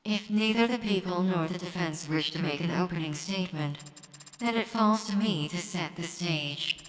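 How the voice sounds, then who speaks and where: A woman voicing a formal female robot judge in a story game, with slow and stately pronouncements. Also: lowish voice, in a large hall, a little hiss or hum, low-quality recording. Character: female robot judge, cheerful then sulky.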